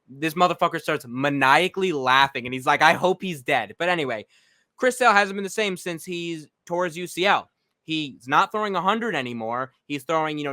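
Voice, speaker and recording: A man's voice: on the high side, pushed and bright, no echo, clean studio sound. A young man co-hosting a casual sports chat, blunt and foul-mouthed, getting heated when he rants. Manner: blunt, swears a lot, gets heated. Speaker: podcast co-host.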